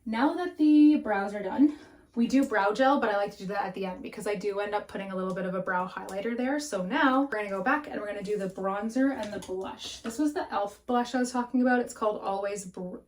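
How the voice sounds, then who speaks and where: A woman's voice: medium pitch, a little fast, a little hiss or hum. A young woman chatting frankly through a makeup tutorial at home, swearing casually and breathing a little heavily into the camera mic. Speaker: beauty vlogger.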